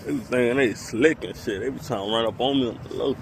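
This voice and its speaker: A man's voice: medium pitch, fast talker, a little hiss or hum. A man chatting casually in a vlog, narrating what birds around him are doing in comic asides. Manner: animated, voices the birds' thoughts in comic asides. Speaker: vlogger.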